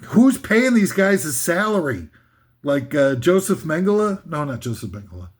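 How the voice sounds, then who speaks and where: A man's voice: fairly high pitch, sing-song, moderate pace, breathy edge. Scornful rambling man ranting. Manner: scornful, rambling, sarcastic, with mock singing bits. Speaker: comedic ranter. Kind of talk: comedic rant.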